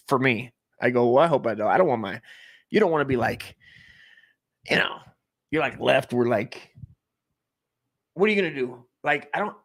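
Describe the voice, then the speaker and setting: He's an American in his forties, medium-pitched, hosting a comedy stream. Excitable and crude, he rambles on and keeps backing up to restart.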